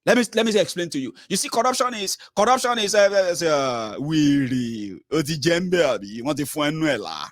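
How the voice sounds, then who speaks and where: A man's voice: fairly high pitch, normal speed, few pauses, no room sound, clean studio sound. A Nigerian-accented man ranting through political commentary for his vlog, mixing pidgin into his English. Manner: animated, mixes pidgin into English.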